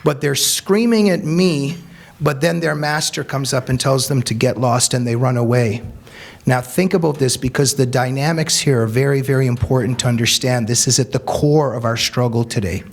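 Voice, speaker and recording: A man's voice: medium pitch, moderate pace, gravelly. A man, an author, giving an earnest, emphatic speech to a live audience, telling anecdotes. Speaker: author and speaker.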